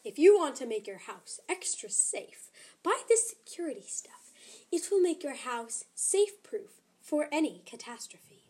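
A woman voicing a creepy announcer in a television commercial, speaking slowly in a low, ominous half-whisper. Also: very animated, dark tone.

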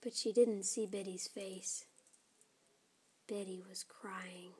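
Soft-spoken woman reading a children's story. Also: mid-range voice, takes it slowly, breathy edge. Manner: soft, often whispery, expressive.

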